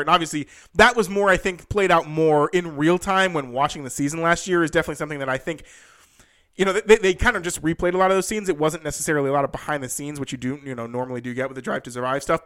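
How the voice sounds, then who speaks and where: Fast-talking young man, rambling commentary. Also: fairly high pitch. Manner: rambling, with many restarts and "you know"; animated, rising in disbelief. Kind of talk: casual motorsport commentary.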